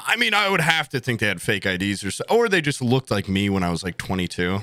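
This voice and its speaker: A man in his thirties casually telling a bar anecdote on a podcast, animated and swearing, laughing as he goes. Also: lowish voice, quick pace, no room sound, clean studio sound. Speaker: podcast host. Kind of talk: casual storytelling.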